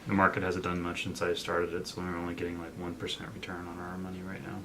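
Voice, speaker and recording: A young man with a very deep voice, chatting in a relaxed way about money and dropping the odd joke. A faint hum of background noise runs under his voice. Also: quick pace. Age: young adult. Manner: laid-back, joking asides. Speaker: co-host. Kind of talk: casual chat.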